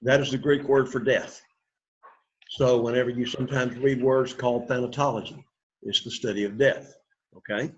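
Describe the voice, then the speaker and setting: A man's voice: mid-range voice, steady tone. Man teaching a class, muffled. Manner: coaxing, repeats words slowly for pronunciation. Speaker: Greek teacher. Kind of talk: classroom lesson.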